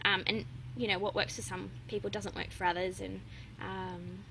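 A woman's voice: mid-range voice, level tone, moderate pace, gravelly, noisy background. A young adult woman, chatting openly as an interview guest, with lots of fillers and frequent laughs. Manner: open, chatty, laughs often, many fillers. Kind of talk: casual interview chat.

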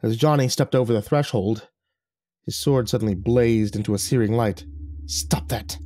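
Deep-voiced man narrating horror. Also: normal speed, warm tone. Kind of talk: scripted narration.

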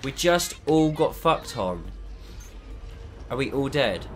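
A man's voice: medium pitch, very animated, slow pace, faint music behind. Swearing, frustrated gamer man. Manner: frustrated, heavy swearing, exasperated. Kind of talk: gameplay commentary.

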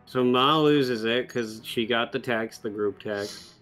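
A man's voice: mid-range voice, slow pace, fairly bright tone, faint music behind. Dry, sarcastic young man. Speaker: co-host giving game tips. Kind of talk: casual gameplay chat.

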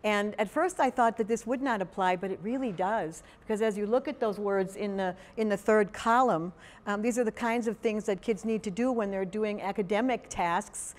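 A woman's voice: medium pitch, normal speed. A woman giving a conference workshop to language teachers, talking conversationally with many fillers and quizzing the audience. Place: large conference hall. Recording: long hall reverb.

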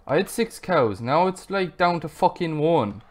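A man's voice: fairly high pitch, sing-song, a little slow. A man giving let's play commentary, swearing constantly and venting frustrated outbursts at the game. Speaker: gamer.

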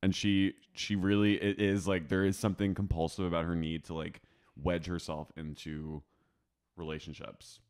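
A man co-hosting a podcast, chatting casually and animatedly about a reality show, jumping into squeaky impressions. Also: normal speed. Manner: animated, jumps into squeaky high voices for impressions. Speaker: podcast co-host. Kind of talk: casual pop-culture recap chat.

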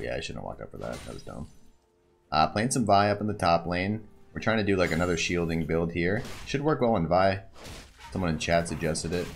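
A man streaming a video game and talking over his play, swinging from calm build talk to excited yelling at big plays. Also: low voice, vocal fry. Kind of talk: gameplay commentary.

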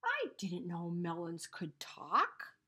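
A woman reading a storybook aloud, voicing a big, gullible male elephant in a lower, slow, amazed voice. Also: huge pitch swings, sharp tone, slightly rough, heavily acted.

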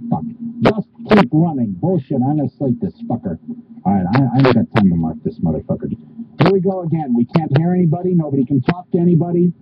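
Man, exasperated, curses nonstop, lively swooping voice, fairly high, dull lo-fi old tape, loud hiss. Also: fast. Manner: swears constantly, exasperated, loses his lines. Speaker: presenter of a promotional video. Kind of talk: blown takes from a product video shoot. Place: on a hot video set with flies around.

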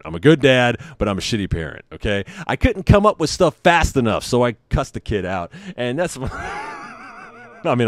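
Lowish guy ranting about dad life, swears a lot, makes fun of himself, dry sound. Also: no echo. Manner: animated storyteller, blunt and profane, self-deprecating. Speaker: host of a parenting podcast. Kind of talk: casual monologue.

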